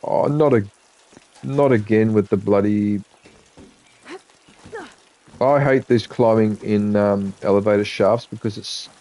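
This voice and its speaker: A man's voice: fairly low pitch, fairly even intonation, slow, long pauses, warm tone. A man with an Australian accent chatting casually to his live-stream viewers while he plays a game. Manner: rambling, chatty, talks to viewers between game remarks.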